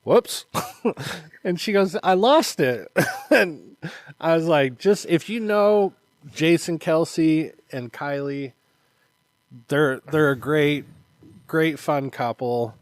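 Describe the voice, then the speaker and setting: Upbeat male co-host, fairly high voice, dry close sound, lively storyteller. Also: slow, long pauses, dry recording. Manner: animated storyteller, acts out quotes, laughs often. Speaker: podcast co-host, martial arts instructor. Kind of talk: casual chat.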